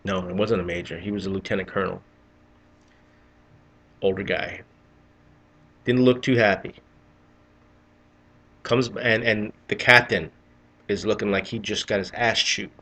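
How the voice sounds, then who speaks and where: A man's voice: lowish voice, fairly even intonation, measured pace, long pauses, sharp tone. A middle-aged man telling a rambling, profane story in a casual vlog, often restarting his sentences. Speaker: vlogger.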